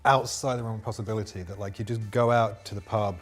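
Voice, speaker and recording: A British man chatting casually as a co-host, animated and jokey, with many fillers. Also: lowish voice, fast talker, soft background music. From Britain. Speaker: guest co-host. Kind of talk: casual chat.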